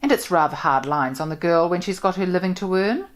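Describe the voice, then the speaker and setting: Woman reader doing a loud bossy village spinster, booms out her gossip, super sure of herself, pitch swings all over. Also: lively intonation, close to an everyday voice. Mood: blunt, gossipy. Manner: loud, brisk, complacent, gossiping. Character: blunt booming middle-aged village spinster woman.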